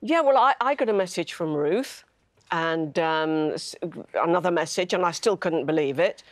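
A woman's voice: fairly low pitch, normal speed, no echo. A woman, a guest actor, telling an anecdote in an interview and acting out the lines of others. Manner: animated storyteller acting out quotes.

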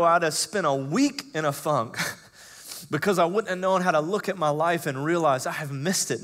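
A man in his thirties preaching as a pastor, telling personal stories in a conversational way with frequent fillers, dropping to hushed tones and rising to loud, emotional emphasis. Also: fairly high pitch, normal speed.

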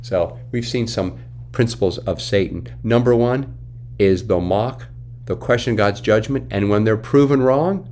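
Fairly low-pitched and darkish in tone, this man speaks a little slowly. He gives Bible study commentary, reading passages of scripture aloud before unpacking them with emphatic questions.

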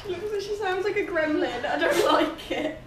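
A woman's voice: extremely high pitch, lively intonation, normal speed. A woman teasing her friends and giggling while filming a casual home video. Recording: noisy echoey room, distant phone.

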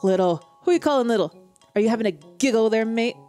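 A woman's voice: on the high side, expressive, quick pace, warm tone, soft background music, lightly acted. A woman voicing a touchy, short-tempered male dwarf spoiling for a fight. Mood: belligerent.

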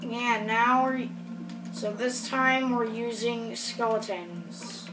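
A woman hosting a gameplay video, chatting casually in a rambling, excitable way and apologising often. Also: a little high, slow pace, distant mic. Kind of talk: casual game commentary. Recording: roomy sound from off the mic with music behind.

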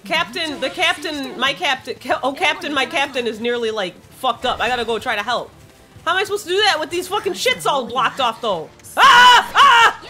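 Woman let's-play host, lively swooping pitch, foul-mouthed and easily panicked. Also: brisk, soft background music. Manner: excitable, swears a lot, shrieks when panicked. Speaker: gaming streamer.

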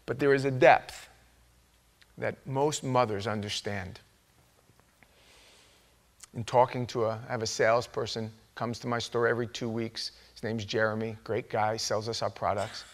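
A male pastor delivering a sermon in a church. He preaches with lively storytelling, dropping to a quiet, conversational tone and then bursting out loud when he acts out the people he quotes. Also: mid-range voice, moderate pace, long pauses. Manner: animated storytelling, acting out quoted voices with sudden loud outbursts. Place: church sanctuary.

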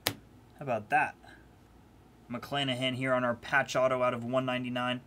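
A man's voice: medium pitch, level tone, moderate pace, pushed and bright, a little hiss or hum. A man hosting a live trading-card break, chatting casually and teasing his viewers in a playful way. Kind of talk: casual live-stream commentary.

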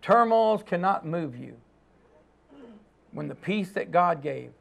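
A man preaching a sermon as pastor, emphatic, swinging between loud declarations and hushed lines and calling on the congregation to repeat after him. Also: high voice, lively intonation, takes it slowly, vocal fry.

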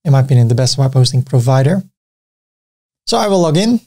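Narrating a software tutorial over a screen recording, this Dutch-accented man, a native Dutch speaker, explains every click in turn with offhand remarks. He speaks briskly in a mid-range voice that swings widely in pitch.

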